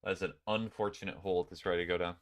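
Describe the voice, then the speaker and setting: A man's voice: low voice, steady tone, fast talker. A man streamer chatting casually while playing a game, rambling and talking to his viewers. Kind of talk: casual gameplay chat.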